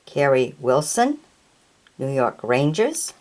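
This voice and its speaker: This woman, a hockey card collector, has a low, slightly mellow, sing-song voice with wide pitch movement. She goes card by card through her collection very slowly, naming the player and team on each, hesitantly sounding out hard names and sometimes tripping over them.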